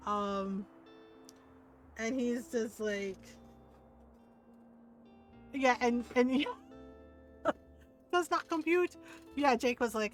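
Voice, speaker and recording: Woman streamer rambling and giggling, kinda high voice, soft game music behind. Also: fairly even intonation, slow, pauses often. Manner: chatty, laughs often, casual swearing. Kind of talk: casual chat while gaming.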